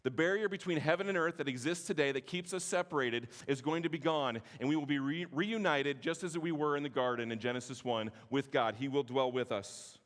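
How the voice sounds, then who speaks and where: A man, teaching at a conference in a passionate, sometimes forceful way with joking asides. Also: fairly high pitch, brisk, few pauses. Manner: passionate, can sound forceful; self-deprecating joking asides. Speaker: conference speaker. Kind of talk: teaching sermon. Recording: long hall reverb.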